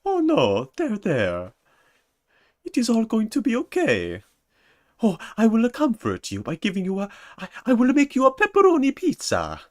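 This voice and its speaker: A man voicing a goofy plumber hero comforting a listener, in an exaggerated, cartoonish, mock soothing way with a squeaky high falsetto. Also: wildly swooping pitch, moderate pace.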